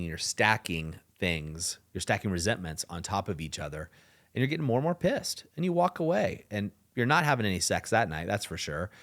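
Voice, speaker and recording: A man hosting a podcast who gives relationship advice in a conversational, emphatic monologue. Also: fairly low pitch. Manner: conversational and emphatic, acts out dialogues. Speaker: relationship coach and podcast host.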